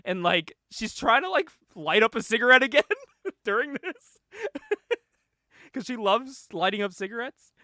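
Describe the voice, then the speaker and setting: A young man co-hosting a casual show, excitedly retelling a movie plot, laughing often, swearing and acting out the lines. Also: extremely high pitch, unhurried, no echo, studio quality. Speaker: podcast co-host.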